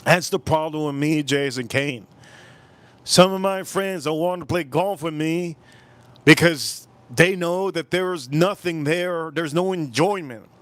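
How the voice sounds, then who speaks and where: A man in his forties hosting a casual livestream outdoors, telling animated stories and calling out viewers by name. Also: a little high, measured pace, no echo. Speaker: livestream host.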